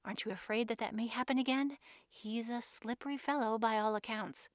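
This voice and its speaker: Unflappable, teasing gentleman with a light touch, read by a woman. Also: a little high, steady tone, brisk, no echo, studio quality, lightly acted. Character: cool, amused, unflappable gentleman suspect.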